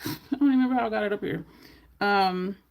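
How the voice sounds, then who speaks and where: A woman's voice: medium pitch, fast talker. A woman chatting casually through a makeup tutorial at home, rambling into side stories as she goes. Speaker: makeup vlogger.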